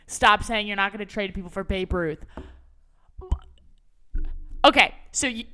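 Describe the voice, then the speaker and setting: Animated young woman, bright clear voice. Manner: animated, swears freely, voice jumps high when excited. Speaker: podcast co-host. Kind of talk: casual sports chat.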